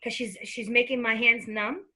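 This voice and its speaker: A woman giving a psychic reading in a lively, laughing conversation. She often slips into quoting the spirit she says is talking to her. Her voice sits high and rings very bright. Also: normal speed, low-quality recording. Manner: chatty and laughing, acts out the spirit's lines. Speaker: psychic medium.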